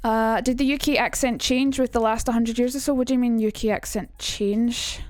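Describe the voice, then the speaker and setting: A woman's voice: a little high, steady tone, normal speed, no room sound, soft background music. A young woman with a Glaswegian Scottish accent, streaming a casual lesson, chatty and sweary and reading out her chat. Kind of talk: casual live-stream teaching.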